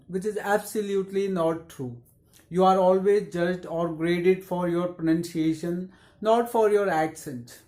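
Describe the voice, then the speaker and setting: In scripted instructional narration, an English pronunciation teacher explains tips in a measured, encouraging way. The voice is mid-range with a warm tone.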